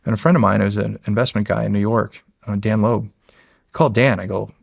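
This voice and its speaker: A man's voice: on the low side, brisk, gravelly, dry recording, clean studio sound. An American man in his forties, a podcast guest telling a story in a casual way, acting out what people said and swearing freely. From United States. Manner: animated storyteller who acts out quotes and swears freely.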